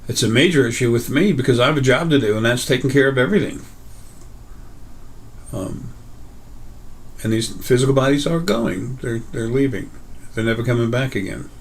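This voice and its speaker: A man's voice: mid-range voice, moderate pace, long pauses. Rambling man in a casual monologue. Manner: rambling, many fillers and restarts. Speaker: host.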